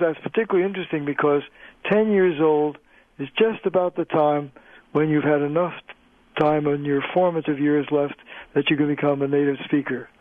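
A male linguist, a guest on a radio interview, explaining in a measured way with frequent pauses over the phone. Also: on the high side, no echo. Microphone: telephone. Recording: tinny phone line, dry.

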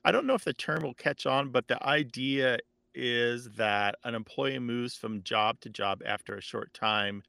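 A man explaining word origins as a guest expert, thoughtful and steady. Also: medium pitch, measured pace, gravelly, dry recording. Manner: thoughtful, with fillers and restarts. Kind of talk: conversational explaining.

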